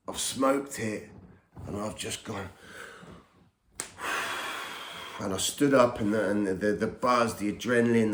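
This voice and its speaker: Man, podcast host, rambling storyteller, lowish voice, echoey room. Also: a little hiss or hum. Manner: rambling, repeats words while recalling events. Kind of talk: personal storytelling. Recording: roomy echo.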